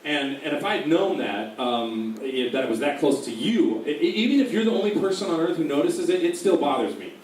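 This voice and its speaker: A man's voice: a little high, brisk, few pauses. Joking man in a very echoey hall. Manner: rambling, jokey, animated. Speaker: voice actor on a convention panel. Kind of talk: convention panel Q&A. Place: large convention room. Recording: very echoey hall, distant mic, faint noise.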